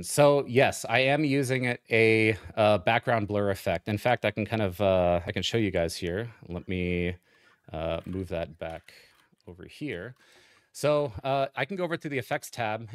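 A man's voice: on the low side, no echo. Upbeat guy demoing a webcam live, chatty, uh-filled, dry sound. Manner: upbeat, conversational, many fillers. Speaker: product presenter. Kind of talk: livestream product demo. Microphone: desk mic on arm.

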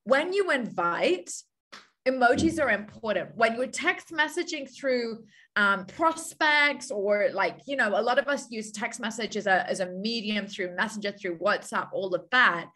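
Upbeat woman running a team call, bright voice, keeps repeating herself to make a point. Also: a little high, lively intonation, unhurried. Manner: upbeat, coaching, repeats key phrases. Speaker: call host. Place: video call.

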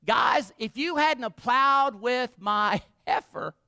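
A man's voice: extremely high pitch, animated, unhurried, bright, forceful tone, clear, resonant tone, dry recording, clean studio sound, voice pushed up, heavily acted. A man preaching while voicing a young, hot-headed strongman who brags and makes bets. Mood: angry. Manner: brash, bragging and raised.

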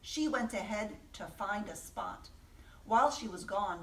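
A woman, a children's librarian, reading a picture book aloud gently and asking the listening children questions. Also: medium pitch, lively intonation, unhurried. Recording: echoey room, voice from a distance.

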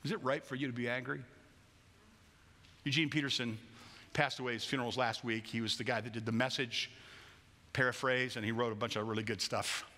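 A man preaching a sermon as a pastor, lively and joking, acting out voices as he tells the story. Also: mid-range voice, a little fast, long pauses, big-room sound. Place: large church hall.

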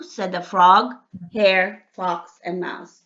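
A woman reading a children's storybook aloud to a child in a lively, emphatic way. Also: mid-range voice, measured pace. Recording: dull lo-fi sound.

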